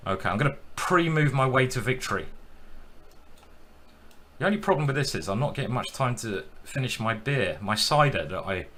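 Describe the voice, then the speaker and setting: A man's voice: mid-range voice, expressive, moderate pace, fairly bright tone, a little hiss or hum. A man streaming his chess games, thinking aloud with self-deprecating commentary.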